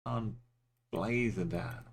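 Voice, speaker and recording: A man's voice: sits low, slow. A man streaming a geography game, musing aloud in short, offhand remarks as he plays. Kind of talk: casual commentary while playing.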